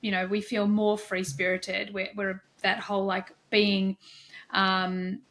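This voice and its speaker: A woman's voice: medium pitch, monotone, slow pace, fairly bright tone. A woman hosting a podcast, affirming her guest and asking eager follow-up questions. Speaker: podcast host. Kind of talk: casual interview.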